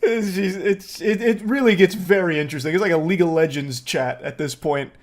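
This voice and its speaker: A man's voice: sits high, a little fast. A man giving sarcastic, joking reaction commentary, swearing now and then.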